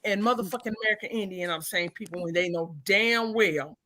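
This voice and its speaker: A woman hosting a live chat, cursing heavily and ranting angrily, at times breaking into shouts. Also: mid-range voice, fairly quick. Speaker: livestream host. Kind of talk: profane angry ranting chat.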